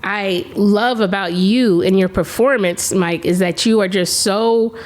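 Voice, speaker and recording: Female host, mid pitch, casual and encouraging interviewer. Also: unhurried, darkish tone. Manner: encouraging, lots of affirming mm-hmms. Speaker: podcast host. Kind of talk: casual chat.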